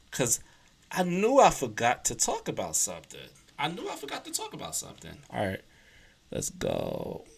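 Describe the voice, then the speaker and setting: Man streaming from his desk, loose and rambling, circles back and repeats himself, mid-pitched voice. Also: creaky, fairly bright tone. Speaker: livestreamer. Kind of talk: casual livestream chat. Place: at his computer, typing.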